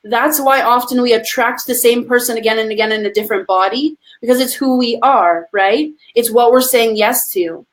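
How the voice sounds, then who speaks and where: A woman's voice: on the high side, moderate pace, hardly any pauses. A woman speaking as a podcast guest, a coach who talks with passion and emphasis and addresses listeners as friends. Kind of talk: conversational podcast interview.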